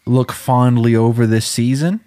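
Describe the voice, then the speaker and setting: A man's voice: mid-range voice, fairly even intonation, a little slow, warm tone. A man co-hosting a comedy podcast, laid-back and joking. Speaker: podcast co-host. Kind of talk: casual comedy chat.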